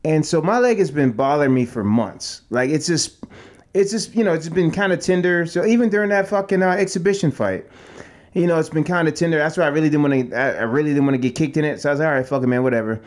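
A man's voice: fairly high pitch, fast talker, a little mellow. A man co-hosting a podcast who trains fighters, telling a story with lots of cursing and acted-out quotes. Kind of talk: casual storytelling chat.

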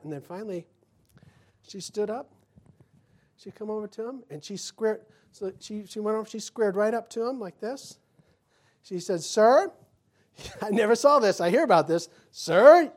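A middle-aged man preaching in a relaxed, folksy way, wandering into personal anecdotes. He acts out the other people in his stories as he goes. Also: high-pitched. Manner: folksy storytelling, acts out quotes. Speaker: pastor.

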